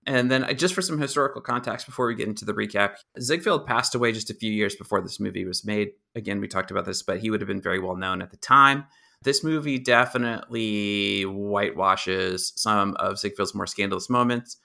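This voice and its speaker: A young man co-hosting a podcast, explaining film history in a relaxed, informative way with a dry sense of humor. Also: lowish voice, a little fast, vocal fry. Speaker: podcast co-host. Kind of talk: casual movie review chat.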